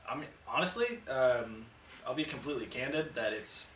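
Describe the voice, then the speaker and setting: A young guest athlete spins animated, candid stories and swears freely as he talks. His voice sits in a middling range. The room is echoey and he is a fair way from the mic, with a faint ambient hiss underneath. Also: medium pitch, moderate pace. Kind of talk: casual podcast storytelling. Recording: roomy sound from a distant mic.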